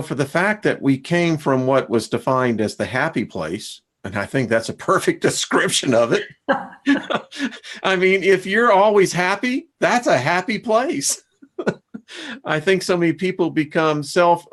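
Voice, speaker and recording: A man hosting a casual spiritual discussion, laughing often and reading out a list of principles. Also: mid-range voice. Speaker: host.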